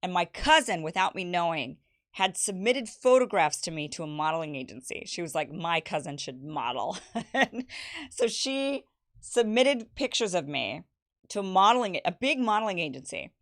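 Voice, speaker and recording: A woman's voice: on the low side, sing-song, moderate pace, a bit bright. Chatty woman hosting a birthday livestream. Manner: chatty, laughing, teasing asides, reads viewer messages aloud. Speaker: show host. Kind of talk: casual birthday livestream chat.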